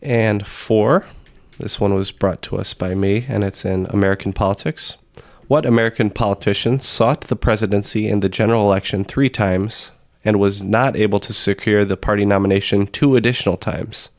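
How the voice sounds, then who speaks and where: Raspy, sick-sounding quizmaster, low and gravelly. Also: male voice, steady tone, normal speed, no echo. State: sick, hoarse voice. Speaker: trivia quizmaster. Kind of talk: reading trivia questions on a podcast.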